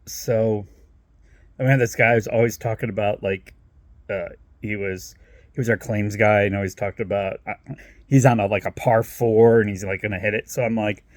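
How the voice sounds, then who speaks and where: A man's voice: medium pitch, lively intonation, moderate pace, no echo, studio quality. A man from Toledo, Ohio telling rambling personal stories in a casual vlog, laughing often, swearing freely and doubling back on himself.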